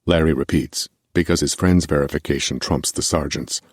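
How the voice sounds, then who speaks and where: A male audiobook narrator with an extremely deep, husky voice, reading in a measured, steady way. The recording is close and completely dry. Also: dry recording. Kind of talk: scripted narration.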